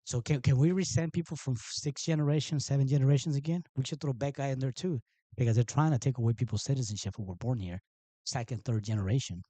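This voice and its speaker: A man's voice: medium pitch, quick pace, dark tone, no room sound. A man hosting a live stream, talking in a mocking, sarcastic and rambling way to his viewers. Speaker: livestream host. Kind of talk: casual live-stream commentary.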